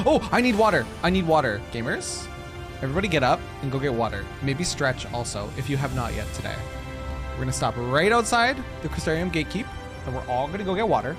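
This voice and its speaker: A woman's voice: a bass voice, very animated, fast talker. A woman streaming a game, chatting playfully and goofily with her viewers. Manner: playful, goofy, chats with viewers. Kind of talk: casual livestream chat while gaming. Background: game music.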